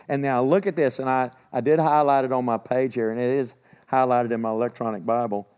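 A man's voice: mid-range voice, fairly even intonation, a little fast, a little mellow. Man giving a casual Bible talk. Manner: conversational, with rhetorical questions and frequent throat-clearing. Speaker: Bible teacher.

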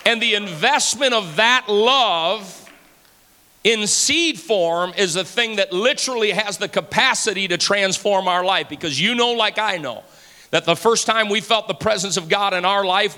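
An impassioned sermon comes from a pastor in his forties, who drives his points home by repeating phrases. His bright, forceful voice sits a little high for a man, and long reverb from the large church sanctuary trails after every line.

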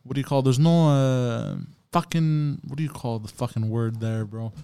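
A young man talks casually as a podcast guest. He swears and fumbles with fillers while hunting for words. His voice is smooth and resonant, and the sound is close and dry. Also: mid-range voice, normal speed, warm tone, dry recording. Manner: crude, gropes for words with fillers. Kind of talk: casual chat.

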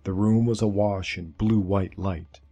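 A man narrating a dark fantasy story in a slow, measured way. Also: on the low side, steady tone, highs cut off, faint music behind.

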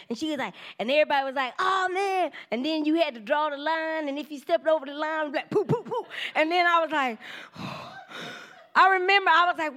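High-voiced woman preaching with lively storytelling. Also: fairly quick. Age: 40s. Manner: animated storytelling, acts out quoted voices, laughs often; informal church talk, addresses the congregation directly. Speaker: preacher giving testimony. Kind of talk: casual sermon testimony.

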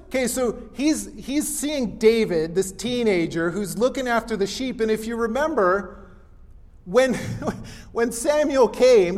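Male pastor with a high voice, casual and animated, in a reverberant room. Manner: conversational, animated, acts out Bible characters. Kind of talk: casual teaching sermon.

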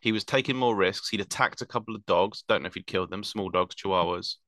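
A man's voice: lowish voice, quick pace, bright, forceful tone, dry recording. A man explaining wildlife at length in casual chat, rambling with fillers and self-corrections.

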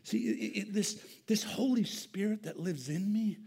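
A man preaching a sermon in a church, dropping to hushed near-whispers and then rising to loud, impassioned bursts, repeating and restarting his words. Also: sits high, a little slow, gravelly, slightly rough. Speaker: pastor. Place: church sanctuary.

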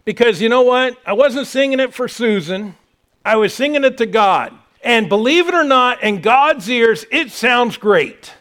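A man's voice: extremely high pitch, animated, measured pace, fairly bright tone. A middle-aged man preaching a sermon as pastor, mixing self-mocking jokes with praise.

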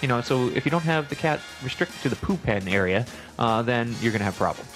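A male radio host rattles through pet advice at a fast clip, friendly and quick to joke with callers. His voice sits at a middle pitch, with a light music bed playing faintly underneath. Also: expressive, a bit bright.

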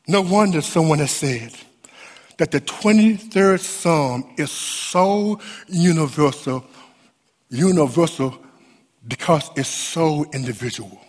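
A man preaches a sermon in a high, ringing voice, taking his words slowly. He leans into repeated phrases and lifts key words into a sung rise. His voice carries a long reverb, as in a large church. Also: lively intonation. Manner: emphatic preaching with many repetitions and sung rises. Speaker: pastor.

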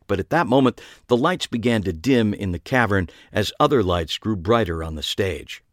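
A man's voice: low-pitched, no room sound. A man who co-hosts a podcast, reading a first-person story aloud with dry, wry delivery. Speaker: podcast co-host and story reader.

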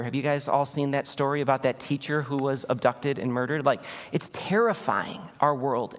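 A male pastor giving a sermon in a church, animated and conversational, often asking the congregation questions. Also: a little high. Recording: long hall reverb.

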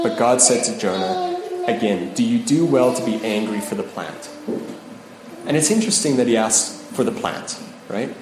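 A man's voice: mid-range voice, lively intonation, normal speed. A man preaching a conversational podcast sermon on scripture, often checking in with listeners by asking "right?". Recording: echoey room with noticeable ambient noise.

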